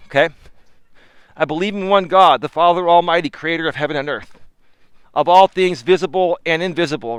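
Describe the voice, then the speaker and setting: A man's voice: on the high side, fairly bright tone, clear, resonant tone, no room sound. A man, a life coach, talking casually to a live chat while walking outdoors in a park, filming on a selfie stick, laughing often and preaching in asides. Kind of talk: live-streamed walking talk. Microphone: camera on a selfie stick.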